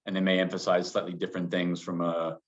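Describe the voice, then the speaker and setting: A man being interviewed as a business guest, answering in a measured way full of qualifiers. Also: deep voice, completely flat delivery. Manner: measured, hedging with many qualifiers. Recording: dull lo-fi sound.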